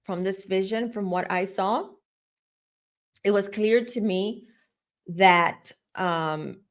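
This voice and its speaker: Speaking slowly in a mid-range voice, a woman tarot reader and psychic describes a vision to her audience. She keeps it chatty and casual, talking straight to camera.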